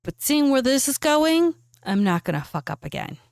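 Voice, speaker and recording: A jittery businessman, defensive and eager to be done, his voice pushed a little high, played by a woman running a tabletop game. He speaks quickly and nervously. The voice is close and dry. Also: big pitch swings, gravelly, a little mellow, no room sound, exaggerated voice. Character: nervous male club owner, weary.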